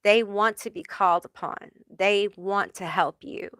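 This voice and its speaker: A woman giving a live tarot reading in a slow, halting way, full of fillers, emotional and close to tears. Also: medium pitch, a bit bright, clear, resonant tone, dry recording. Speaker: tarot reader.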